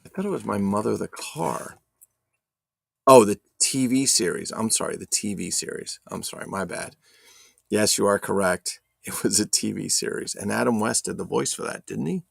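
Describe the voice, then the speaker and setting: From his home setup, a man with a low, gravelly voice hosts a loose, joking live stream, swearing casually and reading his viewers' chat out loud. He's animated and speaks at a normal speed. The audio is dry and close, with no room echo.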